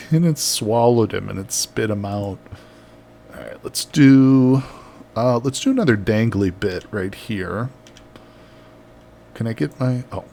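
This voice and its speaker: A man's voice: lowish voice, slow, vocal fry, pauses often, warm tone, slight background noise. A man chatting casually on a live game stream, reading out viewer messages and laughing often. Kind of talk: casual live-stream chat while building.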